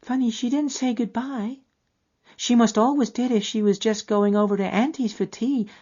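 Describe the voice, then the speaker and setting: A woman's voice: fairly high pitch, fairly even intonation, moderate pace, dark tone, slightly rough. A woman voicing a trusting little girl lost in the desert, talking in a folksy childlike dialect, in a lo-fi recording. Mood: puzzled. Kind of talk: audio drama acting. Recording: dull lo-fi recording.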